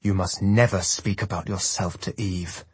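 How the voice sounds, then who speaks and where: Man voicing a harsh military father, growls each word slowly through his teeth, husky low voice. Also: steady tone, dry recording. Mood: threatening. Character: stern abusive father, commanding officer.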